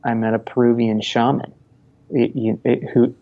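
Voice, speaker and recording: On lo-fi audio, a man from Montana in his thirties rambles through a casual conversational interview as a podcast guest, with frequent restarts and laughs. His medium-pitched voice keeps a level tone at a measured pace.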